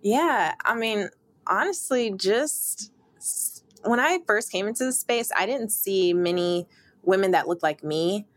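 A woman's voice: mid-range voice, lively intonation, unhurried, dry recording. A young woman sports reporter, interviewed, talking in upbeat, emphatic bursts with occasional laughs.

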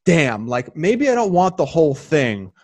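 A man co-hosts a podcast in loose, casual chat. He rambles excitably and keeps circling back to restart his sentences. His voice is dry and close, with nothing around it. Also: fairly high pitch, unhurried, no room sound. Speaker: podcast co-host.

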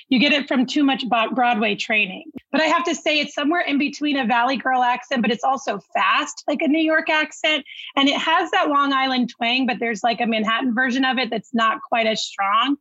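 A woman guest in a casual podcast chat, her voice slightly high and a bit husky. She talks freely and laughs often, on a dry, somewhat dull remote line. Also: normal speed, sharp tone, no echo. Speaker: podcast guest, TikTok creator.

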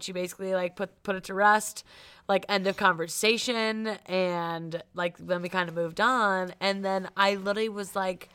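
A young woman co-hosting a podcast, telling a story in casual chat, animated and laughing often. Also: mid-range voice, normal speed, clear, resonant tone. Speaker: podcast co-host.

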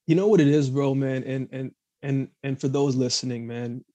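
A man's voice: mid-range voice, fairly even intonation, normal speed, warm tone, dry recording. A man hosting a casual interview, adding emphatic, motivational remarks. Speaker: podcast host.

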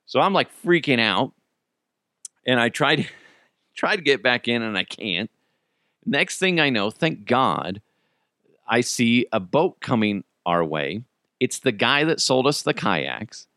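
A man, the host of a podcast, telling a story in a casual, animated way, swearing freely and laughing as he goes. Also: mid-range voice, slow, pauses often, dry recording, studio quality. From United States.

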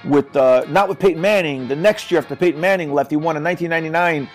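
A man with a slightly high voice chats casually about sports, checking facts and correcting himself as he goes. Faint music sits underneath. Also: fast. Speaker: podcast co-host.

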